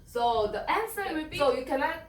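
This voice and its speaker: A woman leads a language lesson, drawing out each word slowly so students can follow. Her voice rises and falls in a lively way and sits fairly high. She sounds a little distant in an echoey room, with faint noise behind. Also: crowd noise. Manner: patient, repeats words slowly for students. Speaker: Swahili teacher.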